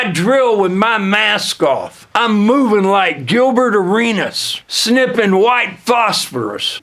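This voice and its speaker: A young man delivering an absurd, deadpan, boastful comedic monologue in the manner of a rap persona. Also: high voice, creaky. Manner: deadpan boastful non sequiturs, slow drawl.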